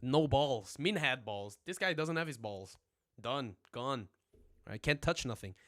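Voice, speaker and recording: A man's voice: mid-range voice, animated, a little slow, fairly bright tone. A young man teaching casually on a livestream, joking, rambling and swearing, with constant "right?" check-ins, recorded on a phone at home. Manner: joking, rambling, profane, says "right?" a lot.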